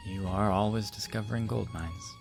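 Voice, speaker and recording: A devoted young man with a very deep, gravelly voice who speaks in a quiet, restrained way, as an actor plays him. He sounds steady and sincere, with faint music underneath. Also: moderate pace. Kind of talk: audiobook character reading.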